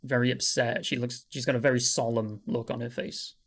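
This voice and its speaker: A man serves as game master for a tabletop game, laying out scenes in a laid-back manner full of filler words. His voice sits in the mid range, and he talks fairly quickly.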